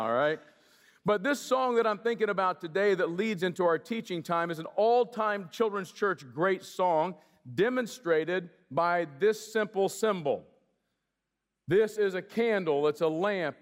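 High-voiced pastor preaching in a hall. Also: male voice, normal speed. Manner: lively, joking, conversational preaching. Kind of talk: sermon. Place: large church hall. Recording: long hall reverb.

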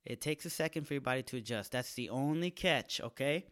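Here a podcast-hosting comedian talks a little fast in a mid-range, fairly bright voice that's clear and resonant. His monologue is casual and crude, loaded with slang and impersonated voices.

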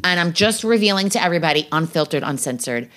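A woman's voice: on the low side, animated, quick pace, fairly bright tone. A woman hosting a podcast, chatting casually, gossiping and swearing freely about shows she watched. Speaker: podcast host. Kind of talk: casual chat.

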